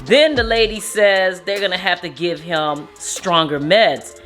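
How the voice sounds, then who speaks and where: Lower-pitched woman telling a family story. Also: measured pace, music in the background. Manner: animated retelling, acts out quotes. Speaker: vlogger, mother. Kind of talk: casual storytelling to camera.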